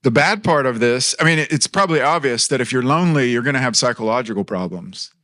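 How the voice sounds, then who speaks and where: A man's voice: mid-range voice, animated, fast talker, pushed and bright. A man in his thirties preaching a sermon in a church, earnest and conversational, mixing personal stories with light humor.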